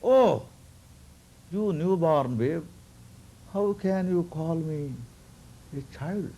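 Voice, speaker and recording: Man doing a proud ancient sage, offended and high-pitched, sweeping pitch, dark tone, slow delivery. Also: animated, heavily acted, low-quality recording. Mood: indignant. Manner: high, pleading and indignant, with chuckles. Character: ancient indignant male sage, proud and hurt. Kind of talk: devotional storytelling.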